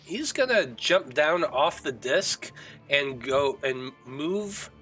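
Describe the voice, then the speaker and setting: A man's voice: on the high side, lively intonation, takes it slowly, pushed and bright, faint music behind, low-quality recording. A man narrating as game master of a tabletop game in a casual, hesitant way with fillers.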